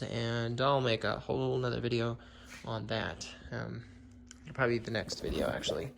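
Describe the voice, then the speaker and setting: A man giving a casual build-update vlog about his car project, rambling and clearing his throat often. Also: mid-range voice, a little hiss or hum.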